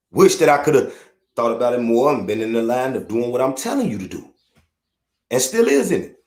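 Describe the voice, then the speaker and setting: Profane ranting Chicago man, echoey room. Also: medium pitch. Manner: profane, blunt, heated, repetitive. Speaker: podcast host. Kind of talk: unfiltered rant.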